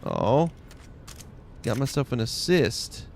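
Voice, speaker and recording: Long Island man, gravelly, noisy game audio behind; laid-back streamer muttering through a match. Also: mid-range voice, takes it slowly. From Long Island, New York. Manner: relaxed, mumbling half to himself while looting. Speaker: gaming streamer. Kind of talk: casual gameplay commentary.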